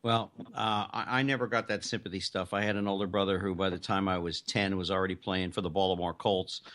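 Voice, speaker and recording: A male radio host interviewing an author in a relaxed, encouraging way. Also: low-pitched, brisk.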